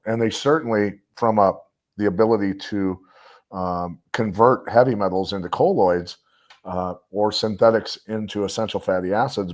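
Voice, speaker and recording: Low-voiced man rambling on a podcast. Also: a little mellow. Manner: rambling, emphatic storytelling with many fillers. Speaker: guest. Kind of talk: casual podcast discussion.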